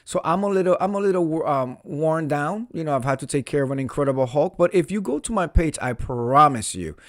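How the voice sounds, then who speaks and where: A man's voice: fairly high pitch, animated, a little fast, dry recording, clean studio sound. A man from New City, chatting casually on a live stream and answering viewers. He talks in a theatrical way and repeats phrases for emphasis. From New York City.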